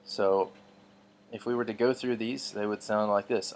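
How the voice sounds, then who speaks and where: Low-voiced man teaching Greek sounds. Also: steady tone, normal speed. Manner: patient, spells words out letter by letter, frequent ums and restarts. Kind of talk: relaxed teaching lesson.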